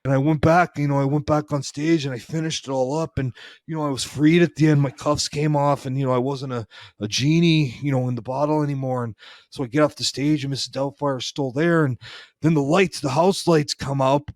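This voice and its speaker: A man co-hosting a comedy podcast, telling a meandering story in character and filling every pause with "you know". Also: on the high side, fairly even intonation, a little mellow, no room sound, studio quality. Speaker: podcast co-host.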